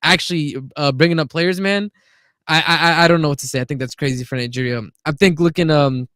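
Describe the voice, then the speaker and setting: A man's voice: a little high, fairly quick, a bit bright, smooth, no room sound, studio quality. A man co-hosting a casual football chat on a video call, blunt and opinionated. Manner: blunt, opinionated, says "bro" a lot. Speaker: podcast co-host.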